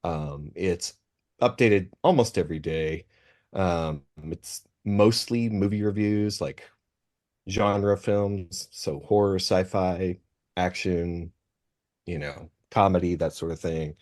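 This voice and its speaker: A man's voice: low voice, fairly even intonation, slow pace, darkish tone. A man being interviewed as a movie critic, talking in a modest, easygoing way with some fillers between phrases. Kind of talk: casual interview talk.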